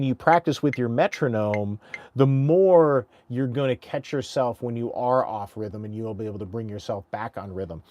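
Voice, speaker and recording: A man, an auctioneer, teaching casually and breaking into quick rhythmic auction chant demos with an energetic, conversational delivery. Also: mid-range voice, a little hiss or hum. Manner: energetic, conversational, frequent restarts. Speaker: auctioneer and instructor.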